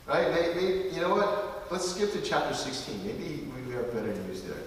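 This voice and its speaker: A man preaching a sermon, reading scripture slowly and then talking it over with his listeners. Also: fairly high pitch, very animated. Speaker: pastor. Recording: echoey hall from far off, faint hiss.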